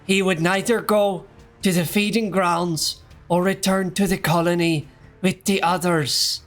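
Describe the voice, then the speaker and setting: Man's impression of a solemn German-accented nature narrator, hoarse, slow and grave. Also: high-pitched, fairly even intonation, fairly bright tone, faint music behind, pitched above the performer's own voice.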